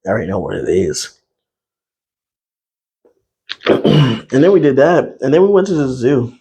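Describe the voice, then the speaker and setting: A young man hosting an unscripted podcast, talking in a laid-back, chatty way with lots of pauses and fillers. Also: medium pitch, wildly swooping pitch, mellow, slightly rough. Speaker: podcast host. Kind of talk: unscripted casual talk.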